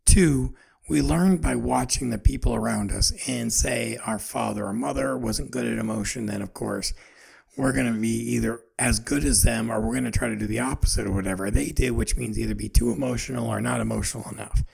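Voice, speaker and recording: A man's voice: mid-range voice, fairly quick, vocal fry, darkish tone, breathy edge. A man in his forties, hosting a podcast, talking in a rambling, earnest, self-searching way about his feelings. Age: 40s. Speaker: podcast host. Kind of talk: personal reflective monologue.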